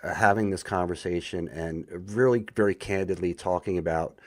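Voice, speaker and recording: A man's voice: low-pitched, moderate pace, no room sound, studio quality. A man speaking as a guest on a casual podcast, candid and enthusiastic, with filler words.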